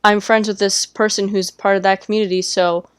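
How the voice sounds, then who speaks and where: A woman co-hosting a casual podcast, speaking out bluntly and plainly. Her voice is smooth and clear at a middle pitch. The room sound is dry. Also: level tone, brisk, no room sound. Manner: blunt, outspoken. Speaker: podcast co-host, streamer. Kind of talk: casual chat.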